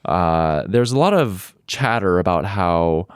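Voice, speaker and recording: A man co-hosting a podcast in casual comedic chat, animated and sarcastic. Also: deep voice, slow pace, clear, resonant tone, no echo, studio quality. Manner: animated, sarcastic, laughs easily. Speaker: podcast co-host.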